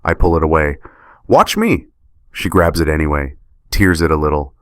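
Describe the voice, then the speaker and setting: A man's voice: very deep voice, level tone, fairly quick, no room sound, studio quality. A man giving scripted first-person drama narration in a heavy, wounded, bitter manner.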